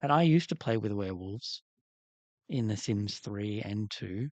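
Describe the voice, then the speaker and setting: A man's voice: on the low side, expressive, measured pace, darkish tone, no room sound. Chatty man on a dry mic. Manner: rambling, chatty, candid asides. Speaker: livestream host. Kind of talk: casual livestream chat while working on a doll.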